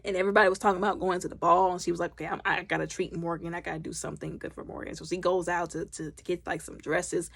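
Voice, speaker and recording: A woman recapping a film loudly and animatedly, acting out the characters' lines. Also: on the low side, flat delivery, fast talker, vocal fry, few pauses. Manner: loud. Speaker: movie reviewer. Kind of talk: casual movie recap.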